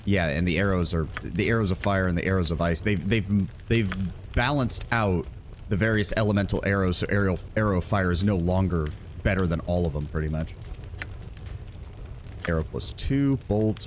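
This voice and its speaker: A man with a low voice comments on a game as he plays, rambling and swearing casually while poking fun at himself. Faint noise sits under his voice. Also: normal speed. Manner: rambling, profane, self-mocking. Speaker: streamer.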